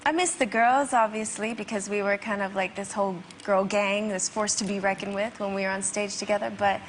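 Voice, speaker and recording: A woman's voice: medium pitch, steady tone, brisk, low-quality recording. A woman chatting in an upbeat, easygoing way as a talk show guest. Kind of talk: casual chat on a talk show. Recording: studio audience and room noise.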